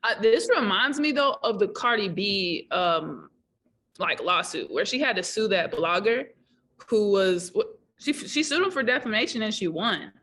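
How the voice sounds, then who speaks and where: A woman's voice: mid-range voice, expressive, normal speed, fairly bright tone. Woman, video call audio, casual discussion, reflective storyteller, mid-range voice. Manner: thoughtful, storytelling, trailing fillers. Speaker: podcast co-host.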